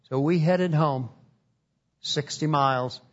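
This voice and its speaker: A man's voice: on the high side, takes it slowly. A man preaching a testimony in an earnest, folksy storytelling way, on a dull lo-fi recording.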